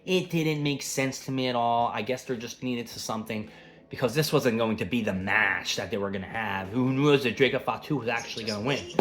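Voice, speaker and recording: Man vlogger recapping wrestling: loose, profane, off the cuff, average pitch. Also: brisk, a bit bright. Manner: rambling, profane, conversational.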